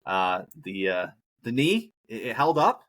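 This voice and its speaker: A podcast host talks alone in an unhurried, sing-song way, his fairly low voice carrying a fairly bright tone. He's hobbling from an injured knee, and his casual rambling keeps giving way to profane rants.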